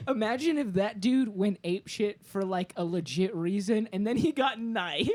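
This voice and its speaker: A speaker with a very lively, varied pitch trades jokes in a casual chat. They laugh often and spin out imagined scenes. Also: a little slow. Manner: laughing, joking speculation.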